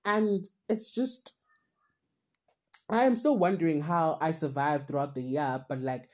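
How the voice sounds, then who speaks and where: A woman's voice: low voice, measured pace, a little mellow. A young woman hosting a podcast, talking earnestly and at length about her own struggles in a rambling, self-searching way. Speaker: podcast host. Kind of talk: personal reflective monologue.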